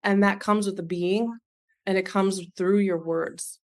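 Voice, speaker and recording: A woman's voice: mid-range voice, fairly even intonation, measured pace. Woman, thirties, business coach; sincere, motivational, talks straight to the listener. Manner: earnest, heartfelt, speaks straight to the listener.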